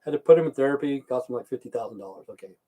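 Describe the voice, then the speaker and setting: A man's voice: mid-range voice, expressive, very fast, mellow. A middle-aged man telling a rambling, crude story on a livestream, swearing constantly and repeating himself. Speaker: livestream host.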